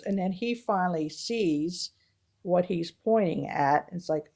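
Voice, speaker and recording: A woman co-hosting a casual film review chat, retelling movie scenes with animated storytelling. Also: on the low side, measured pace, gravelly. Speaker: podcast co-host.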